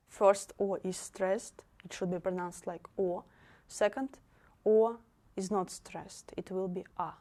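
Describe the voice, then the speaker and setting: A woman with a Russian accent teaching a language lesson, explaining carefully and repeating example words slowly. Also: mid-range voice, steady tone, dark tone.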